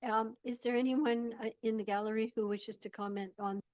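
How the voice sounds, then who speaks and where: Lady chairing council, kind and procedural, higher voice, dry sound. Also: fairly even intonation, brisk, darkish tone, no room sound. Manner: polite, procedural. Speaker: mayor chairing the meeting.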